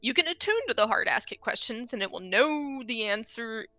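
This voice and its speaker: Bright-voiced woman with wry asides. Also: on the high side, lively intonation, normal speed, no room sound, faint music behind. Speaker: tabletop game player. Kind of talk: casual game recap narration.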